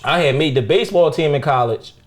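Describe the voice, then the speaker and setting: A young man, a comedian guest telling stories in casual chat, profane and animated, acting out the people in his stories. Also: fairly high pitch, a little fast.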